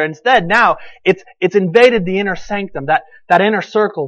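A male pastor with a fairly high voice tells stories animatedly in his sermon, acting out the lines of the people in them. He speaks a little fast with hardly any pauses, and the sound is dull and slightly lo-fi.

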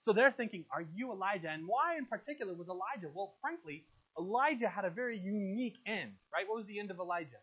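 A man's voice: high-pitched, animated, fast talker, few pauses, a bit bright, slightly rough. A male pastor giving a sermon, emphatic and questioning his congregation. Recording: muffled lo-fi recording.

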